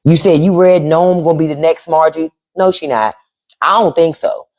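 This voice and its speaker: A woman's voice: deep voice, moderate pace, a little mellow. A woman hosting a casual livestream, talking bluntly and with profanity while answering the chat. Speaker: podcast host on a livestream.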